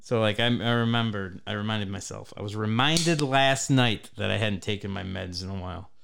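A man's voice: lowish voice, normal speed, vocal fry, noisy background. A man in his thirties telling a rambling, profane story as a podcast host in casual chat. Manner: profane, rambling, animated when telling stories.

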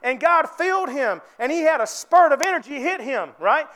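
A man's voice: very high-pitched, animated, moderate pace, fairly bright tone. A man preaching a sermon with fervor, calling out to his congregation for responses. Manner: fervent, calls out to the congregation for responses.

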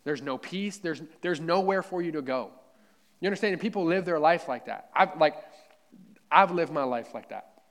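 A man's voice: fairly high pitch, lively intonation, normal speed, fairly bright tone. A man preaching a sermon in a church, fervent and conversational, repeating himself and talking straight to his listeners. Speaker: pastor.

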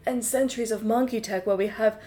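A woman voicing a wise male gibbon in improvised comedy, giving slow, soothing advice. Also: on the high side, steady tone, dark tone, natural voice. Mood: calm. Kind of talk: improvised comedy role-play.

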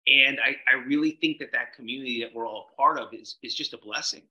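A man guesting on a podcast, telling a story in an animated way, acting out quotes and swearing casually. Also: medium pitch, fast, reverberant, low-quality recording.

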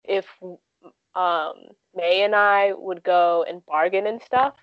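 A woman's voice: fairly low pitch, steady tone, slow pace, clear, resonant tone, dry recording, muffled recording. A woman in her twenties telling stories casually in an interview, with lots of "like" and "um" fillers. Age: 20s. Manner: chatty, frequent "like" and "um" fillers. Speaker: guest.

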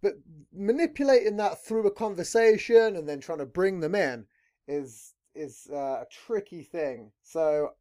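A man's voice: sits high, lively intonation, unhurried, warm tone. A man hosting a podcast in a rambling casual chat, swearing constantly. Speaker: podcast host.

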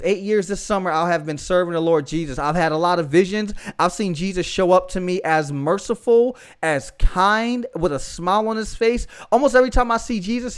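Guy with a pretty high voice, fired-up preaching story, talks straight to his listeners. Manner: fervent, emphatic storyteller with casual asides. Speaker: podcast host. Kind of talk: passionate testimony podcast.

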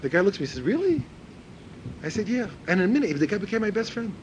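Animated, lively-voiced man teaching religion. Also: rapid-fire, slight background noise, low-quality recording. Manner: animated, repeats words while searching for phrasing; acts out quoted speakers in a higher voice. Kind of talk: informal religious lecture.

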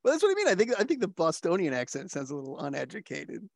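A man's voice: high voice, wildly swooping pitch, quick pace, vocal fry. A man hosting a casual chat, enthusiastic, laughing often and swearing casually. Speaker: host.

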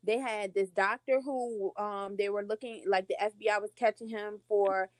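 A woman's voice: mid-range voice, steady tone, normal speed, dry recording. A woman co-hosting a podcast, talking in a chatty way with many "like" fillers. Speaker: podcast co-host. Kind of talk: casual chat.

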